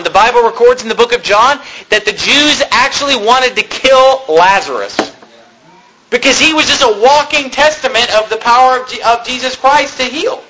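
A man with a very high, bright voice preaching a sermon. He reads scripture aloud and then retells it in everyday words, often asking his listeners rhetorical questions. A faint noise sits under his voice. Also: rough recording.

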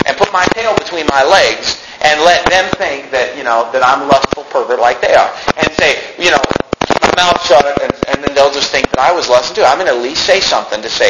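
A man preaching a sermon as pastor, shouting at times and then dropping to calm reasoning. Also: on the high side, fast talker. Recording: echoey room with noise.

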